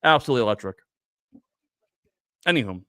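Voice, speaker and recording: A man in his twenties telling rambling stories in a casual chat, with animated bursts. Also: medium pitch, brisk, dry recording, studio quality. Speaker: panelist.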